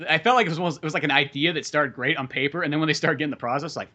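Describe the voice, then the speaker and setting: A man talks quickly and with a bright, forceful edge in a loose podcast conversation about films. He rambles, restarts his sentences and swears freely. His voice sits a little higher than most men's. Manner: rambling, animated, heavy swearing. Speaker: podcast co-host. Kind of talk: casual movie chat.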